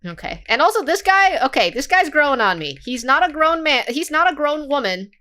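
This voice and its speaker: A woman's voice: high voice, sing-song, brisk, bright, forceful tone. A young woman streamer reacting to a game video in casual, sarcastic chat, swearing freely.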